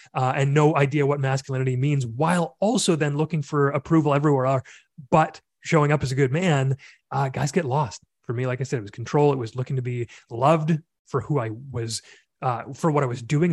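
A man's voice: mid-range voice, fairly quick, darkish tone, no echo. A middle-aged man hosting a casual podcast, talking in an earnest, reflective way with fillers and long rambles. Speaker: podcast host and men's coach.

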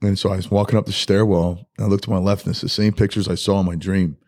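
A man as a podcast guest, telling his life story in a loose, candid way, halting and full of "like" and "dude". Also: low voice, flat delivery. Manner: soft-spoken and candid. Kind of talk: personal life story in a casual podcast interview.

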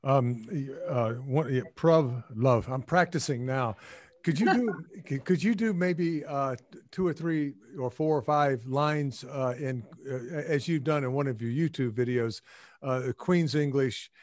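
A man interviewing over a video call, halting and restarting his sentences often. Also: medium pitch, no room sound.

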